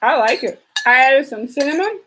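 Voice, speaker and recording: A woman's voice: high-pitched, lively intonation, normal speed, background noise. Chatty woman hosting a casual live stream. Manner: chatty, reads and answers viewer comments, frequent fillers. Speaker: fitness trainer and live-stream host.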